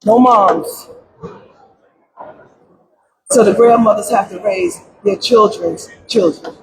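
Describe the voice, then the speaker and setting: A middle-aged woman giving emotional public testimony at a press conference about her grief, pleading through tears and at times breaking into shouts. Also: mid-range voice, takes it slowly. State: grief-stricken, close to crying. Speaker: grieving mother giving testimony. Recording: crowd noise at a press event.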